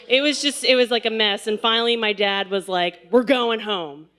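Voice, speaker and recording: A woman's voice: fairly high pitch, moderate pace, pushed and bright, clean tone. A woman in her twenties telling a personal story live on stage, chatty and laughing, with lots of fillers. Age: 20s.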